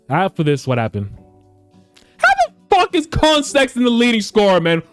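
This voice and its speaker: A man commentating his basketball video game for his viewers, excitable and swearing often, calling them boys. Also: sits high, moderate pace, no room sound, faint music behind. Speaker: gaming YouTuber.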